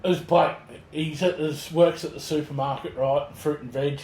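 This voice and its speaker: This Australian podcast co-host has a fairly high, darkish voice, speaking at normal speed with fairly even intonation. He keeps the chat laid-back, cursing freely and spinning rambling jokes. The recording sounds echoey, with a little background noise.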